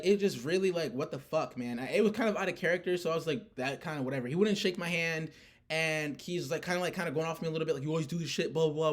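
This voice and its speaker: A man's voice: a little high, fairly bright tone. A young man ranting casually about a card tournament, rambling with lots of fillers and swearing. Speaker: player recounting a card tournament. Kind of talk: casual rant.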